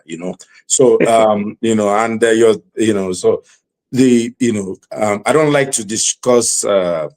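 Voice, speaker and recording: A man's voice: lowish voice, a little mellow. A man from Nigeria hosting a panel talk show, hedging with lots of "you know" as he steps into the debate.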